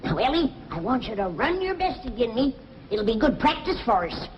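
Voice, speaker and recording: A woman playing a bossy, sharp-tongued old hillbilly grandmother in a 1960s sitcom, with a scolding country drawl. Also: on the high side, sing-song, normal speed, dull audio. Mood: coaching. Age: older. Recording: old TV audio with laugh track and hiss.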